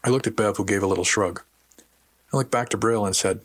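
A man's voice: lowish voice, brisk, fairly bright tone. A man narrating a story in the first person with dry, wry storytelling. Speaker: audiobook narrator. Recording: dry close recording.

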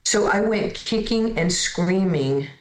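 A woman in her sixties from New York, telling candid, self-deprecating stories as a guest in a lively conversation. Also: mid-range voice, takes it slowly, reverberant, rough recording. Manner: lively, candid, self-deprecating, repeats words when starting. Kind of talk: storytelling in conversation.

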